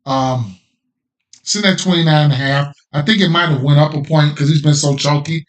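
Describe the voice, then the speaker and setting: A man's voice: on the high side, fairly quick. A man hosting a sports betting podcast, talking through his picks in a loose, slangy way, often repeating himself and checking in with "right?". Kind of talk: casual betting picks talk.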